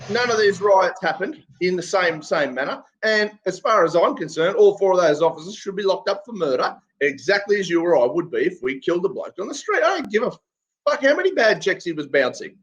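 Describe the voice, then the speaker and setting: A man's voice: sits high, sing-song, fairly quick, a bit bright. An irate Australian man ranting and swearing in casual talk. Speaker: guest commentator. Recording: muffled lo-fi audio.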